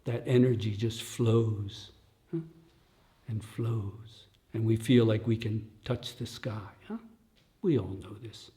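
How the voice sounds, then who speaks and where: An older man, a dharma teacher, gives a slow, reflective talk at a retreat, his voice on the low side with fairly even intonation. He often ends lines with "huh?" and slips into soft, near-whispered asides.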